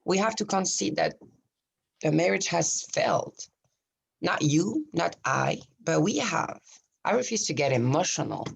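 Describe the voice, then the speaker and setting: A woman playing a young wife calmly ending her marriage, husky and controlled, in an acting class scene. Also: on the low side, a little slow, full character voice. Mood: cold. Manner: flat, controlled, refusing emotion.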